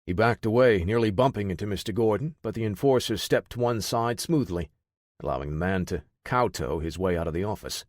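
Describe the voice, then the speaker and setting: A man narrating an audiobook thriller in a steady, measured way. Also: fairly low pitch, no echo, studio quality.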